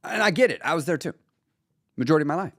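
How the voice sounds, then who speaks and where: Male live-stream host, blunt and profane, lively pitch, dry mic. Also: very fast, dry recording. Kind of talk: casual motivational talk.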